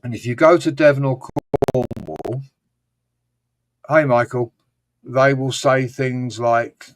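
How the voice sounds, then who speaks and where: A man's voice: medium pitch, unhurried. Swearing, rambling man hosting a live chat. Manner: rambling, swears freely, mimics regional accents. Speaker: host. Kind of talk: casual live-stream chat.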